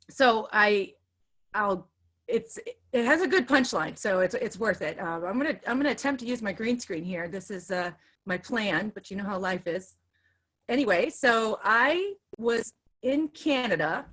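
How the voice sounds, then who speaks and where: Brief woman in her 50s, excitable storyteller, restarts often, webinar guest on a video call. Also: medium pitch. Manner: hyper, chatty, restarts a lot. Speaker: guest speaker, teacher. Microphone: video call with earbuds.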